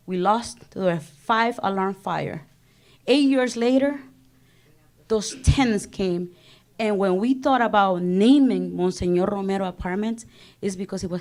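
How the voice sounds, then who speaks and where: A woman's voice: mid-range voice, darkish tone. A woman in her thirties with a Salvadoran Spanish accent, a government office director giving a passionate panel speech and switching between Spanish and English. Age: 30s.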